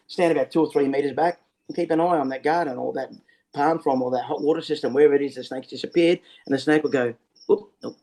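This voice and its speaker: Australian man, quick talker, snake catcher guest, acts out little scenes, video call. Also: mid-range voice, low-quality recording. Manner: lively storyteller who acts out scenes. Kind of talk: casual explanatory interview talk.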